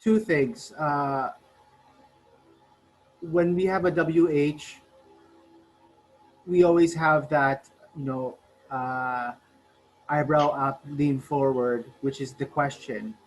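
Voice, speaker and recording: A man's voice: fairly high pitch, fairly even intonation, slow pace, long pauses, slight background noise, rough recording. Hesitant male student asking a question. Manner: hesitant, searching for words. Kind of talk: classroom question.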